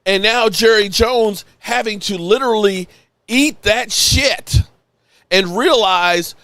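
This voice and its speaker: Sports-channel host, male, a bit tipsy, emotional and rambling, slightly high voice, dry close sound. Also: slow pace, dry recording. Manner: excited, rambling, emotional, swears freely. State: tipsy from rum. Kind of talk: live-stream reaction.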